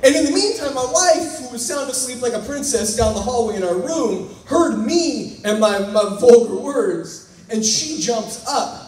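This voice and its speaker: High-voiced man telling a comic story in an echoey hall. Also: a little slow, few pauses. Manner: animated, self-mocking, acts out scenes. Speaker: conference speaker. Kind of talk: comic storytelling talk to a live audience. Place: large conference hall. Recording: echoey hall, voice picked up from a distance.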